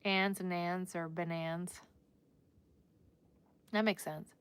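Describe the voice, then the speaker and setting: A woman's voice: fairly low pitch, fairly even intonation, slow pace, fairly bright tone, smooth. A woman with a New Jersey accent, hosting a casual livestream and chatting in a rambling way while she crochets. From Newark, New Jersey. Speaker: livestream host.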